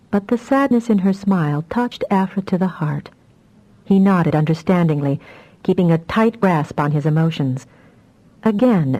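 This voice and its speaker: A woman narrating a fantasy audiobook in a measured, even storytelling manner. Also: lowish voice, low-quality recording.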